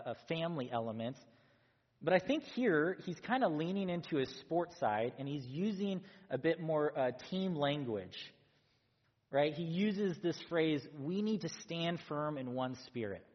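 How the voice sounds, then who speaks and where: A young man preaching a sermon as pastor, in a casual, conversational way with fillers and quick self-corrections. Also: medium pitch. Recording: dull sound with long hall reverb.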